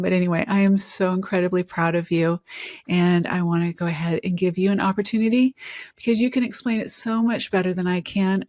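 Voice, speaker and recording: A woman co-hosting a podcast who talks in a gushing, excitable way and gasps often. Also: on the low side, dry recording, clean studio sound. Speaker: podcast co-host. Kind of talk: casual chat.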